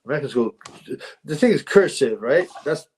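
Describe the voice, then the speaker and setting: A man's voice: medium pitch, expressive, normal speed, darkish tone. Rambling English man hosting a livestream. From England. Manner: rambling, blunt and mocking, with many restarts. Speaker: boxing livestream host. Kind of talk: casual livestream chat, reading viewer comments.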